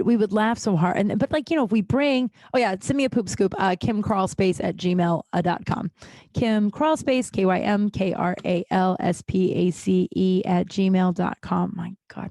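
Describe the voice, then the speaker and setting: A woman hosts a casual solo podcast, close to the mic in a very dry, dead-sounding space. She retells funny stories in a chatty, animated way, laughing often, at an ordinary middle pitch. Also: no echo. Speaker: podcast host.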